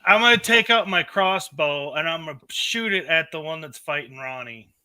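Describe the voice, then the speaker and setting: Guy playing d&d, super bright sharp voice, just says what he does. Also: a little high, lively intonation, normal speed. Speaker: player. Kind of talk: casual tabletop game play.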